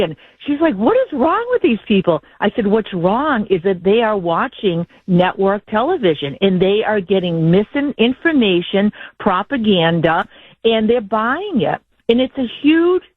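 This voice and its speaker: Woman caller on a tinny phone line, rambling and fed up, mid pitch. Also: very animated, moderate pace, no echo. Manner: indignant, rambling, frustrated. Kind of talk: call-in talk radio.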